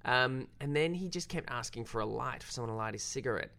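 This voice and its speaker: The guest, a young Australian filmmaker, recounts a story fast and in a creaky voice. It's relaxed, self-deprecating chat, full of animation, with pitch jumps on quoted lines.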